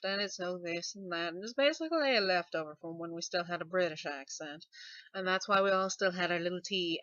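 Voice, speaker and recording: A genteel southern belle drawls softly and slowly, as a woman puts her on. Her delicate voice sits at a middle pitch. The recording is dry and a bit muffled. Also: dry recording, lightly acted. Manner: slow soft drawl.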